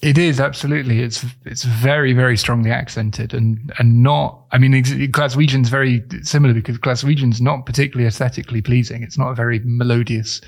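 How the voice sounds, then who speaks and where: A man's voice: mid-range voice, fairly even intonation, a little fast, few pauses. Musing male podcast co-host. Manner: reflective, musing and hesitant. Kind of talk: casual chat.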